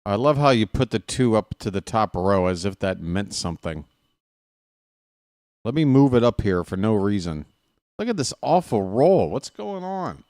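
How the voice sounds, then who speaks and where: A man's voice: lowish voice, normal speed, dry recording, clean studio sound. Trash-talking man at a dice game. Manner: excitable trash talk, muttering then yelling at opponents. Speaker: streamer and play-by-play host. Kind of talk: casual live-stream commentary while playing a dice game.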